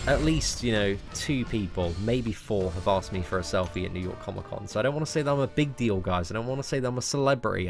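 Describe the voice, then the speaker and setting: A young English man talking through a game live stream in a loose, chatty way. He jokes at his own expense and fills his talk with "mate" and "like". Faint music plays quietly behind him. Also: medium pitch. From England. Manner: chatty, self-mocking, lots of "like" and "mate". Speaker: gaming streamer. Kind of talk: casual live-stream chat answering viewers.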